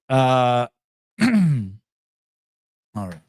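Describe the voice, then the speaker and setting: A man's voice: lowish voice, no echo. A man hosting a podcast, talking casually and bluntly with lots of fillers and restarts. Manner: halting, many fillers and restarts, blunt with swearing. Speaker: podcast host. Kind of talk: casual commentary while playing clips.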